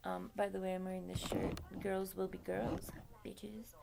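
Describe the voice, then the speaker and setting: A woman with a gravelly, creaky voice at a medium pitch, casually telling a story to her camera. She rambles, swears freely and laughs between lines. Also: flat delivery, unhurried, background noise. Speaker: vlogger.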